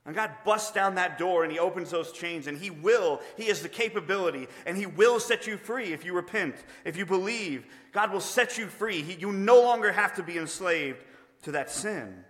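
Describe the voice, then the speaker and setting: A male pastor preaches with earnest, conversational emphasis in a bright, forceful voice pitched a bit high for a man. Long reverb rings after his phrases, as in a large hall. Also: expressive, moderate pace. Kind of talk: sermon.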